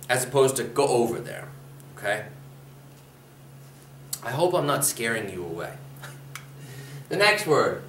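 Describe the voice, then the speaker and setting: A man's voice: medium pitch, big pitch swings, unhurried, pauses often, pushed and bright, slight background noise. A man from Pennsylvania teaching a spoken language lesson, explaining patiently and repeating example phrases. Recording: roomy echo.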